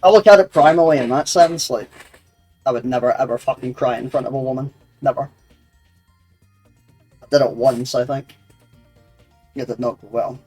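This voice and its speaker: A man's voice: mid-range voice, moderate pace, long pauses, a little mellow. A young man, streaming a game and bantering crudely with his chat, rambling and laughing often. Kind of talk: casual gaming stream chat. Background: faint game music.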